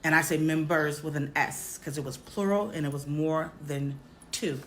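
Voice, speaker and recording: A woman vlogger telling a personal story straight to her viewers, halting often and repeating herself. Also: low-pitched, steady tone, a bit bright, a little hiss or hum. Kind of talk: candid personal storytelling to camera.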